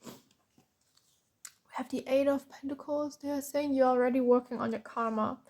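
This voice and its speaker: A woman's voice: high voice, fairly even intonation, moderate pace, darkish tone. A woman from Germany giving a tarot reading, tired and openly frustrated, with sighs and frequent restarts. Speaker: tarot reader.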